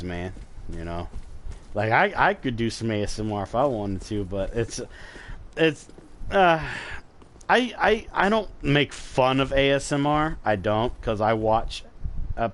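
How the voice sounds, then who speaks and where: Chatty, rambling man streaming a game. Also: medium pitch. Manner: rambling, chatty, swears freely, talks straight to viewers. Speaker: gaming streamer. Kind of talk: casual live gameplay commentary.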